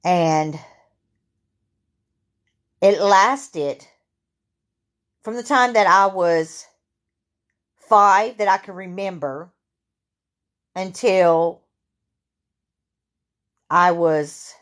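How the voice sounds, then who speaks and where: A woman in her fifties with a sore throat, telling her own story to camera in a halting way, full of fillers and restarts. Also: fairly low pitch. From Louisiana. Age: 50s. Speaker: vlogger.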